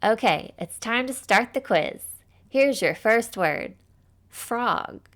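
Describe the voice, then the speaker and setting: A woman teaching a children's phonics lesson in a slow, scripted way. She is upbeat and encouraging, praises often, and sounds out letters with careful, exaggerated enunciation. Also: a little high, animated, fairly bright tone.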